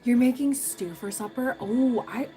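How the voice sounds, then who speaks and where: A woman's voice: on the high side, unhurried, dark tone, soft background music, poor audio. A young adult woman hosting a tarot livestream, chatting casually with viewers, rambling through stories and laughing often.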